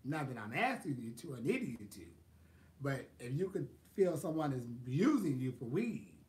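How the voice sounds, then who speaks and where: A man telling stories in a casual vlog, sassy and animated, laughing often. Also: mid-range voice, normal speed. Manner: sassy, animated, laughs often, quotes people in exaggerated voices. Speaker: vlogger. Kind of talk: casual storytelling chat.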